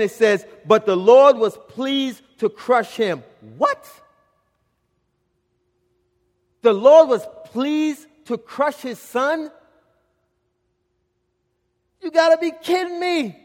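A middle-aged man preaching a sermon as pastor, telling a family story and swinging from loud to hushed. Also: sits high, in a large hall.

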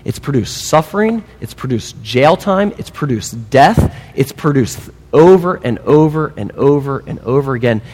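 A man preaching a sermon, emphatic and animated, with humorous asides. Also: mid-range voice, moderate pace, hardly any pauses, in a large hall. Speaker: pastor.

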